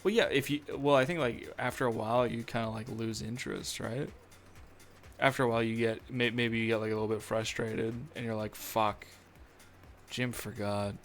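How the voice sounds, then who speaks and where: A man's voice: medium pitch, fairly even intonation, fairly quick. A young man chatting casually on a live stream, rambling and joking at his own expense with lots of fillers. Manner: rambling, self-deprecating, filler-heavy. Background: faint music.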